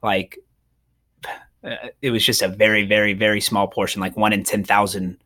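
A man's voice: lowish voice, flat delivery, normal speed, bright, forceful tone. A man co-hosting a podcast in casual chat, often stopping to restart and repeat his words. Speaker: podcast co-host.

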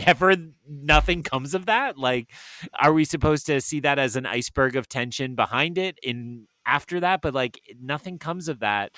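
A man's voice: a little high, bright, forceful tone, no echo. A middle-aged man, a podcast co-host reviewing a film, talking in a wry, sarcastic, chatty way with many fillers. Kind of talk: casual chat.

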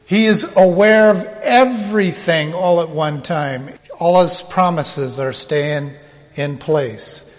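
A man preaching a sermon, slow and emphatic, now and then acting out the voices he quotes. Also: on the high side, big-room sound.

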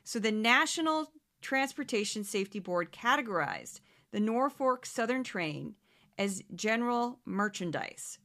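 Woman host, bright, crisp voice, animated and sarcastic, casual monologue. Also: on the high side, measured pace. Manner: animated, sarcastic, mimics others in exaggerated voices. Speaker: podcast host.

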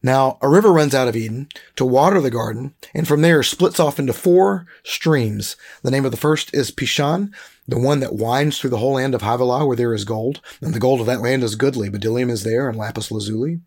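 A man with a husky, gravelly voice teaching a Bible lesson. He reads scripture passages slowly and carefully, then explains them in a relaxed, conversational way with plenty of fillers. His pitch sits in an ordinary middle range.

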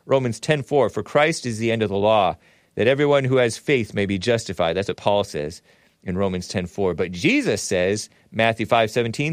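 A man's voice: fairly low pitch, expressive, moderate pace, no echo, studio quality. A man hosting a livestream talk show, reading viewer messages aloud and chatting in a rambling, chuckling way. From United States.

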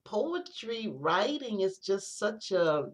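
A woman poet, a guest on an interview podcast, talking reflectively in casual conversation, with many halting restarts. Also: mid-range voice, very animated.

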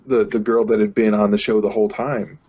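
Low voiced guy on a podcast, keeps restarting, kinda muffled audio. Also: flat delivery, fairly quick, dark tone, slightly rough. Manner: hesitant, repeats words while thinking. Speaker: podcast co-host. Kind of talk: casual chat.

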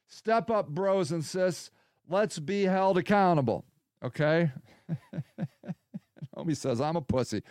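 High, smooth-voiced sarcastic man. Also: darkish tone, no room sound, studio quality. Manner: rambling and sarcastic, swearing. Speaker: podcast host. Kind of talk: casual solo podcast, reading comments aloud.

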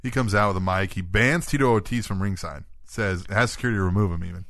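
A man's voice: on the low side, a bit bright, dry recording, studio quality. A man co-hosting a wrestling podcast, rattling off a play-by-play recap of the week's matches and often tagging his sentences with "right?". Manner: rapid play-by-play recapping, tags "right?" on statements. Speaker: podcast co-host. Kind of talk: casual wrestling recap chat.

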